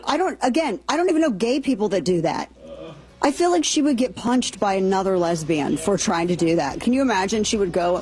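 Sarcastic talk radio hostess. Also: female voice, a little high, expressive, brisk, darkish tone, husky, rough recording. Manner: sarcastic, mocking, exasperated. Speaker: radio talk show host. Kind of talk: opinionated talk radio commentary.

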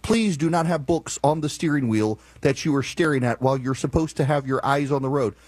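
A man telling a driving story and ranting in an animated, opinionated monologue. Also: mid-range voice, a little fast, no room sound.

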